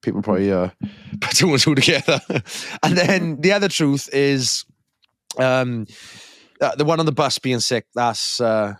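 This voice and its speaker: A young man in his twenties co-hosts a podcast and tells a story in casual chat, an animated storyteller who acts out the voices of the people in it. His voice is medium-pitched at a measured pace. The sound is studio quality with no room sound.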